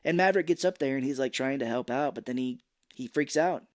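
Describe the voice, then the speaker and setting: Man recapping a movie with impressions. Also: medium pitch. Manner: retells scenes with quick impressions of characters. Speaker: podcast co-host. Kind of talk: casual movie recap podcast.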